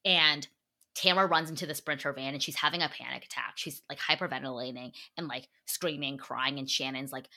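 A woman's voice: a bass voice, steady tone, fairly quick, pushed and bright. A woman hosting a podcast, chatting casually and gossiping, full of "like" fillers and swearing. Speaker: podcast host.

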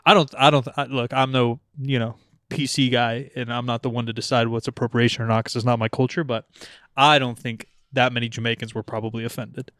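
A man's voice: mid-range voice, flat delivery, brisk, fairly bright tone, no room sound, clean studio sound. A young man from Portland hosting a podcast, talking casually and rambling with lots of swearing and laughs. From Portland, Oregon. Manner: profane, rambling, laughs often. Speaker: podcast host. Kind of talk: casual chat.

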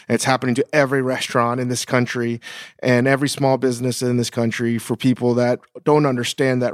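A man's voice: mid-range voice, no room sound. A man hosts a podcast in a dry, close recording. He is earnest and swears easily, circling back over his points to stress them. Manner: earnest, swears, repeats for emphasis. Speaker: podcast host. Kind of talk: casual podcast chat.

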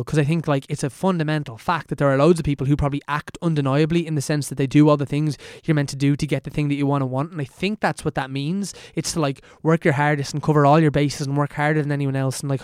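Young Irish man, twenties, rapid self-deprecating podcast chat, a touch higher voice. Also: clean tone, dry recording, studio quality. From Ireland. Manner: quick, self-deprecating, rambling with fillers. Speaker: podcast guest answering questions.

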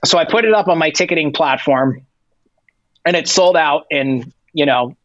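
At a moderate pace, a man with a slightly high voice tells stories as a tour manager guest; the dry recording has its highs cut off. Of Persian heritage, he's animated in this casual interview, cursing openly, heavy on "like," acting out each side of conversations.

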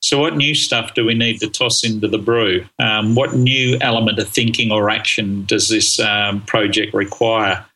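Gravelly, bright-toned man. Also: lowish voice, steady tone, moderate pace, hardly any pauses, poor audio. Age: middle-aged. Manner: enthusiastic, explanatory, frequent ums and restarts. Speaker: guest speaker on learning. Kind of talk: conversational interview answers.

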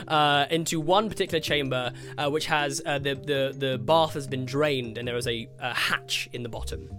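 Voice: mid-range voice, moderate pace, hardly any pauses, over music. Game master narrating casually. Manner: casual, full of fillers and giggles.

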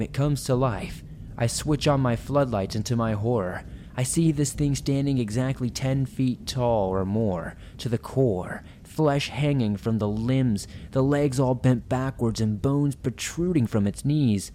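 A man's voice: mid-range voice, measured pace, warm tone, slight background noise. A man reading listener horror stories aloud in a suspenseful storytelling manner.

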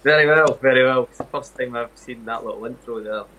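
A man from Scotland, a former footballer, chatting on a podcast in a relaxed way and laughing often. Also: medium pitch, fairly quick, slight background noise, poor audio. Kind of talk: casual chat.

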